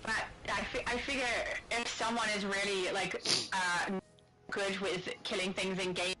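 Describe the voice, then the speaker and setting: A woman's voice: medium pitch, level tone, normal speed, rough recording. A woman with an Australian accent chatting casually as a guest on a gaming livestream, laughing often between remarks, over a voice call. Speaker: guest streamer. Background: game music playing loudly.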